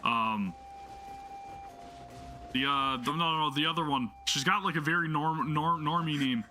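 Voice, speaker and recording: A man's voice: fairly high pitch, unhurried, pushed and bright, slight background noise. A man hosting a gaming channel, chatting casually with enthusiasm while he plays, rambling with lots of fillers. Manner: rambling, full of fillers and restarts. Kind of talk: casual gameplay commentary.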